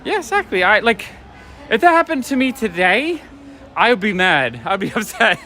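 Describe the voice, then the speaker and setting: The speaker is a toy shop owner doing a relaxed walk-and-talk vlog on city streets, rambling through stories and laughing along the way. His voice is high-pitched and sharp, swinging widely in pitch at a moderate pace.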